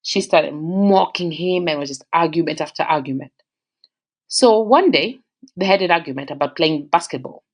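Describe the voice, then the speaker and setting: An Australian woman telling a relationship story in a casual, conversational way. She keeps it animated, pushing her pitch up sharply for emphasis. Her natural voice sits a little low. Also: normal speed.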